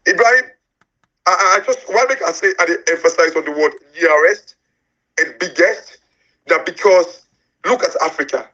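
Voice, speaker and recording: Bright emphatic Sierra Leonean man, lo-fi line. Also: a little high, normal speed. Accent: Sierra Leonean Krio-English. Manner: emphatic, searching for words. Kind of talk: casual political discussion.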